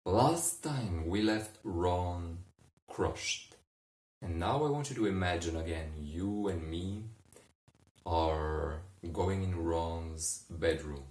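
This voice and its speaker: A man narrating a bedtime sleep story in a soft, meandering way, often correcting himself as he goes, recorded in a roomy space from a distance. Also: deep voice, takes it slowly.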